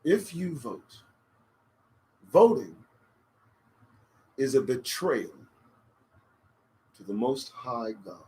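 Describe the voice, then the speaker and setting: A man's voice: medium pitch, very animated, takes it slowly, long pauses, poor audio. A man hosting a live-stream talk show, rambling in a profane, preachy and emphatic way into a desk condenser microphone. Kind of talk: casual live-stream monologue.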